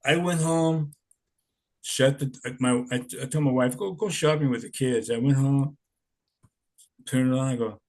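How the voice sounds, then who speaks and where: Unhurried and pausing often, a punk musician in his sixties tells rambling stories in an interview. His medium-pitched voice is easygoing, and he swears often as he goes.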